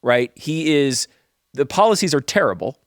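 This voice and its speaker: A man's voice: mid-range voice, sing-song, moderate pace, no room sound, clean studio sound. A man co-hosting a casual podcast chat, talking in rambling, self-interrupting runs and often laughing. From Northeastern US. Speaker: co-host.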